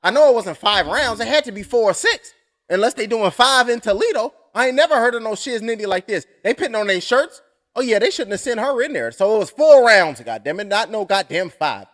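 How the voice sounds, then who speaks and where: A young adult man calls a fight blow by blow on a live stream, rambling, cursing, and tossing in joking asides. His voice sits high with big pitch swings, moves briskly, and sounds a bit bright.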